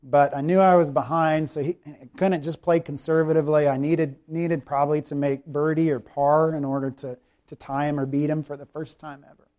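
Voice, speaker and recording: A man from South Carolina with a Southern accent, preaching a sermon that swings from emphatic scripture passages to relaxed personal storytelling. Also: fairly high pitch, a little fast. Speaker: pastor.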